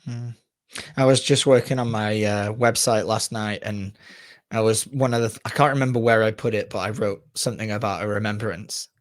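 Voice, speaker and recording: A man co-hosting a podcast, chatting casually and haltingly, with fillers and a mild curse. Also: fairly low pitch, steady tone. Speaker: podcast co-host.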